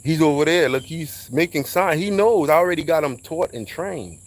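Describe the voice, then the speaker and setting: A man telling a casual, animated story in slang, acting out quoted voices along the way. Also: a little high, normal speed.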